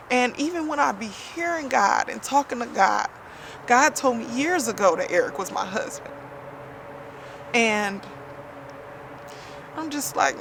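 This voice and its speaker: A woman's voice: fairly high pitch, animated, a little slow, gravelly, long pauses, background noise. A woman vlogging a casual personal story and spiritual testimony, chatty and heartfelt, full of "you know" fillers.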